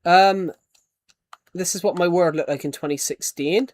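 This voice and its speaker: A man's voice: high voice, normal speed, a little mellow. A young man with a British accent, chatting casually as he streams a game and thanks viewers. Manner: chatty, thanks donors, trails off in restarts. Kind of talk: casual live-stream chat.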